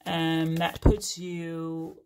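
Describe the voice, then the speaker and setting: A woman's voice: deep voice, completely flat delivery, drawn-out words, darkish tone, slight background noise. A woman giving a casual, frank tarot reading to her viewers, chatty with many fillers and asides. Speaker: tarot reader.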